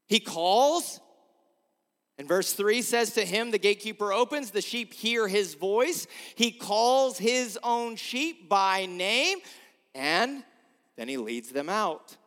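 A male pastor with a notably high voice delivers a slow, deliberate sermon. He poses rhetorical questions and moves between emphatic peaks and hushed low moments. His voice rings with the long reverb of a church sanctuary.

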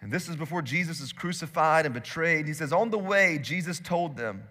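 A male pastor preaching a sermon, swinging between loud emphatic bursts and hushed, intimate stretches. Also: fairly high pitch, expressive, fairly quick, long reverb tail. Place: church hall.

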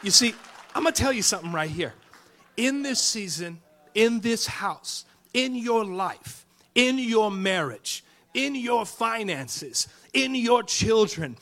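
A man preaching a sermon who tells a story with jokes and swings between loud shouts and hushed whispers. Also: sits high, lively intonation, slow. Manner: tells jokes and acts out characters in stories.

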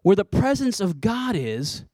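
A man preaching a sermon in an animated, conversational way, with playful asides. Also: sits high, measured pace, no echo, studio quality. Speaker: pastor.

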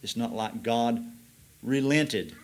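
Man preaching, slow emphatic scripture reading. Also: medium pitch. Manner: reads scripture slowly, then explains with rising emphasis. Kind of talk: sermon.

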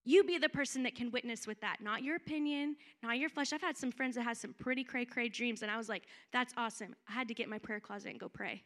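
Young female preacher, bright and a bit high, chatty and animated delivery. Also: fast, hardly any pauses. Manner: animated, conversational preaching with acted-out quotes. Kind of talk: sermon.

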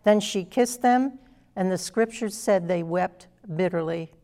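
A woman's voice: lowish voice, a little slow, dark tone. A woman preaching a sermon, earnest and emphatic, reading scripture aloud and explaining it to a congregation.

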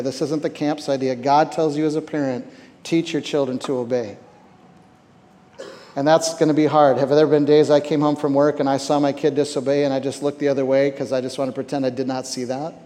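Man, camp preacher, fairly high voice, conversational sermon, repeats words, echoing hall. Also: mellow. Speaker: camp speaker. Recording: reverberant hall.

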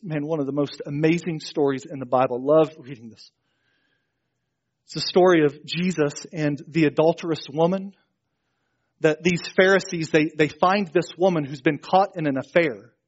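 High-voiced man preaching a sermon. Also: lo-fi sound. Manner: animated storytelling, acting out Bible characters' lines. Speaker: pastor.

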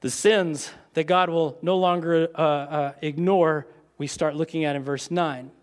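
Male preacher, high-pitched, animated conversational sermon delivery. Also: measured pace. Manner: animated, conversational with asides and laughs.

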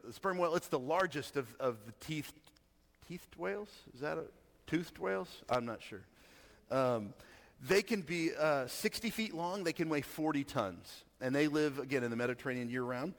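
A man's voice: mid-range voice, long reverb tail. A man giving a casual sermon and reading scripture aloud, talking conversationally and often checking in with his listeners. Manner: conversational, asks the audience. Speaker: preacher.

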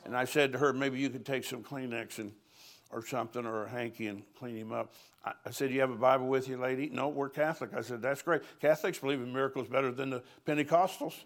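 A man's voice: mid-range voice, steady tone, fast talker. An older man, a pastor, preaching at a conference in a folksy, storytelling way, chuckling between lines.

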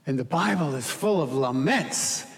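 A man preaching as pastor, earnest, dropping quiet for scripture reading and rising to emphatic pleading. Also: medium pitch, animated, measured pace, gravelly, long reverb tail. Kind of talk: sermon.

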